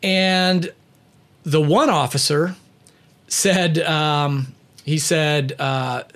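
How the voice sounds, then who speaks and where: Chatty man with a fairly high voice. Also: fairly even intonation, extremely slow, a bit bright. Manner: conversational, many "you know" fillers, chuckles while telling. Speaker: leadership and personality speaker. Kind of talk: casual storytelling monologue.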